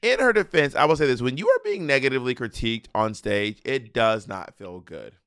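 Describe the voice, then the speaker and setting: A man co-hosting a casual chat show with a smooth, resonant voice. He talks in an animated, campy way and throws in quick asides. The sound is dry and close. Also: medium pitch, no room sound. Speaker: podcast co-host.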